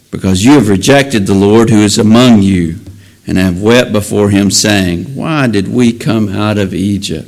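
Slow, earnest male preacher. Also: lowish voice, creaky, darkish tone, poor audio. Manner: earnest, builds to emphatic raised passages. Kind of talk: sermon with scripture reading.

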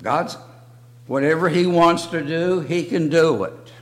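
An older man teaching a church Bible lesson in slow, halting short phrases. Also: a little high. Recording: long reverb of a hall.

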